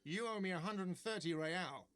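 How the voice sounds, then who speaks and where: An actor playing a whiny, petty manager in a video game. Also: male voice, sits high, normal speed, fairly bright tone, slight background noise. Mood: peevish. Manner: whiny, peevish.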